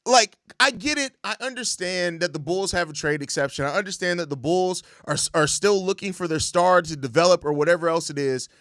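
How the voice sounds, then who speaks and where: A man's voice: sits high, brisk, few pauses, fairly bright tone, dry recording, studio quality. A young man hosting a sports show, ranting in exasperated, profane casual commentary and repeating himself. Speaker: sports podcast host.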